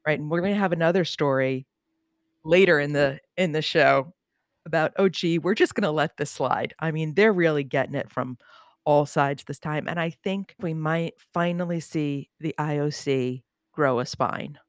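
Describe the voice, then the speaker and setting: A woman's voice: deep voice, normal speed, dry recording, studio quality. A woman co-hosting a casual sports chat show, giving sarcastic, opinionated commentary. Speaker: podcast co-host. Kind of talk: casual chat about Olympic news.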